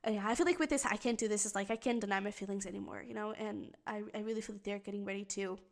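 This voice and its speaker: A woman's voice: mid-range voice, fairly even intonation, racing, gravelly. A woman giving a pick-a-card tarot reading. She speaks earnestly and with feeling, straight to the viewer, and thinks aloud as she reads the cards. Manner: earnest and emotionally invested, speaks directly to the viewer. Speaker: tarot reader.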